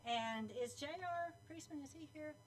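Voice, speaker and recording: A woman with a fairly high voice runs through announcements at a club meeting. She talks in a chatty, teasing way as she calls on members by name. A faint hum sits under her voice. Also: unhurried, distant mic, poor audio. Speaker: club board member introducing teams. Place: meeting room at a club luncheon.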